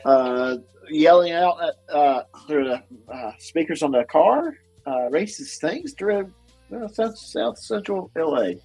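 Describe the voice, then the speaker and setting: A man's voice: on the high side, lively intonation, unhurried, gravelly, a little mellow, breathy edge, soft background music, poor audio. A middle-aged man with a Southern accent hosting a casual podcast, rambling and laughing often at himself. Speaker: host.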